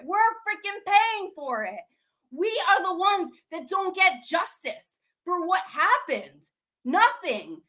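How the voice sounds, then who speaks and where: Speaking to her viewers on camera, a young adult channel host launches into an emotional, agitated rant that repeats itself and is loaded with curses and rhetorical questions. Her voice is very high-pitched and sharp.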